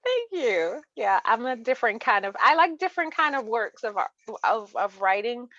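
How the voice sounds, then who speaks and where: A woman's voice: a little high, big pitch swings, normal speed, fairly bright tone, no room sound. A chatty woman author talks through her reading picks, laughing often and circling back on her words. Her voice is dull and lo-fi, with a dry, close sound. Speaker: author and interview guest. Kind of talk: casual chat about books.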